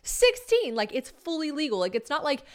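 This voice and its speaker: A woman's voice: high-pitched, very animated, moderate pace. A woman in her twenties from the United States, hosting a solo podcast and telling stories casually, swearing freely and acting out other people's lines. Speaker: podcast host.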